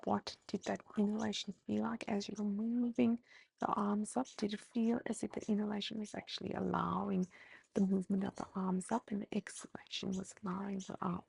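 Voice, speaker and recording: Calm Australian woman guiding breathwork. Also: mid-range voice, gravelly, slightly rough, dry recording. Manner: calm, slow, gently instructive. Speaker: mindfulness teacher. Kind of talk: guided movement and breathing instruction.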